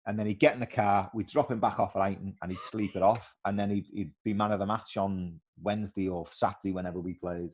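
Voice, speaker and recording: A middle-aged man, a former footballer telling animated stories in a casual interview and acting out the voices of others. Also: on the low side, fast, hardly any pauses.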